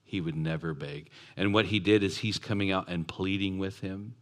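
A man's voice: low voice, steady tone, normal speed. A man preaching a sermon who acts out the voices and asks his congregation questions. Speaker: pastor.

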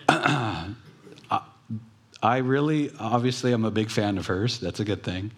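A pastor giving a conversational sermon, telling stories with pauses and restarts. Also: male voice, fairly low pitch.

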